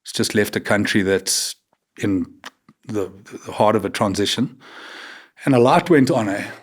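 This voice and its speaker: A South African man in his fifties speaks as a podcast guest in a candid, conversational interview, his voice on the low side and a little slow. He tells stories frankly, tagging sentences with "man" and "right?".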